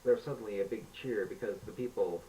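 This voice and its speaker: A man reading a homemade adventure story aloud in a plain, steady way with small slips. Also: lowish voice, fast, far from the mic, a little hiss or hum, low-quality recording.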